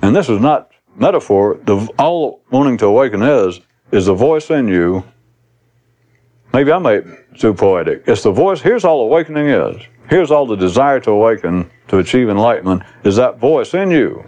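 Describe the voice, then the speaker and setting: A man's voice: mid-range voice, sing-song, moderate pace, darkish tone. A man giving a recorded spiritual talk to an audience, rambling and blunt, swearing casually as he teaches.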